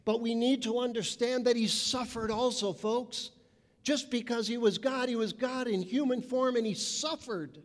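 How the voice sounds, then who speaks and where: Guy preaching a sermon, pretty high voice, big echoey hall. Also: steady tone, moderate pace. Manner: emphatic preaching, mimicking people's voices. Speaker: pastor. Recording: reverberant hall.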